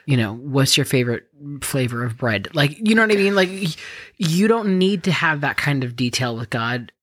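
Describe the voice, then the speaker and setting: Low-voiced, lively woman co-host. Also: normal speed, no room sound, studio quality. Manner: animated, jumps in, acts out quotes. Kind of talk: casual faith chat.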